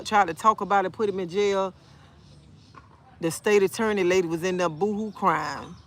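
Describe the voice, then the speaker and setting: Outdoors in a park, a woman livestreams on her phone, chatting casually in a medium-pitched voice. She's outspoken and animated, answering viewer comments as she goes.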